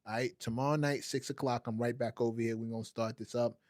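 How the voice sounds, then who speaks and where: A man's voice: mid-range voice, steady tone, fast, a little mellow. A man hosting a casual livestream, joking and talking straight to his chat viewers. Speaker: livestream host.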